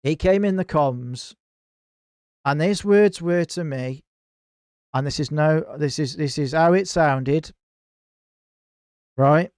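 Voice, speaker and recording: A man's voice: a little high, slow, pauses often, clean tone, no echo, studio quality. A man, a podcast guest telling a heated story in casual chat, swearing a lot and acting out what others said. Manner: animated, heavy swearing, acts out others' lines. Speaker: podcast guest, gaming clan founder.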